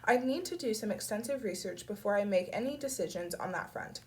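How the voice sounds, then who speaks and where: A woman's voice: medium pitch, animated, fairly quick, natural voice. A woman with a cold voicing a nervous, determined teenage girl investigator who hesitates and stammers. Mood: careful. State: has a cold.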